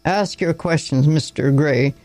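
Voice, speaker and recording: A man's voice: on the high side, a little slow, faint music behind, close to an everyday voice, poor audio. A man reading a story aloud and voicing a weary young country doctor who speaks curtly and with contempt. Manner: curt, contemptuous, sharp.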